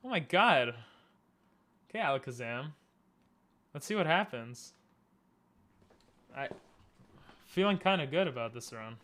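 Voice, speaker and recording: A man streaming a game live from his room, talking to himself in halting, frustrated bursts with frequent restarts and laughs. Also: medium pitch, expressive, a bit bright. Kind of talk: live gameplay commentary.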